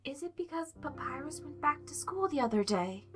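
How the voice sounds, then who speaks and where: A woman reading a fan story aloud, voicing a gentle, motherly female monster who speaks softly and formally. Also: high-pitched, animated, normal speed, faint music behind, voice pushed up. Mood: caring. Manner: soft, formal, motherly concern.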